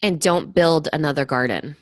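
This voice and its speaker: A woman's voice: low-pitched, normal speed, dry recording. A woman co-hosting a business podcast, chatting casually in an upbeat, playful way. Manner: upbeat, playful, laughs easily. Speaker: podcast co-host. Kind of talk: casual business advice chat.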